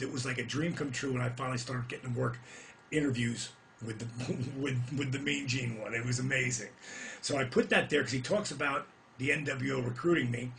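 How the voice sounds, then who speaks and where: A middle-aged man, a retired pro wrestler, telling his own career stories in a casual, animated and profane rant that gets loud as he relives big moments. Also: medium pitch, vocal fry, a little hiss or hum.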